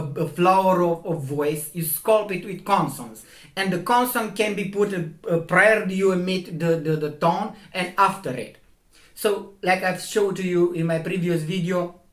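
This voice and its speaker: A man hosting his own video channel, talking in a rambling monologue, halting and repeating himself as he explains and sounds out vowels and consonants. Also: sits high, a bit bright. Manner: halting, repetitive, restarts words often. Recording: roomy echo.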